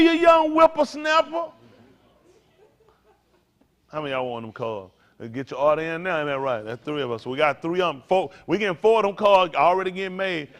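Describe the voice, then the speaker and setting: An older man preaching to a congregation, in a folksy, playful way with sudden loud bursts. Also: on the high side. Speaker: pastor.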